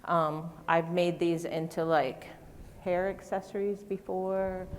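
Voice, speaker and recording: A woman's voice: lowish voice, monotone, slow pace, slight background noise. A middle-aged woman giving a live floral design demonstration on stage, chatty and self-deprecating, joking with her audience. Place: stage in a large convention hall. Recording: long hall reverb.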